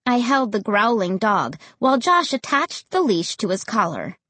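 A woman narrating a children's story as an audiobook reader, with an expressive, lively delivery. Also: medium pitch, moderate pace, no room sound.

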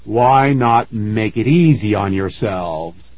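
A man voicing a sinister male ghost leader who speaks in a deep, slow, coldly calm way, in a slightly muffled recording. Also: dry recording. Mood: coldly menacing.

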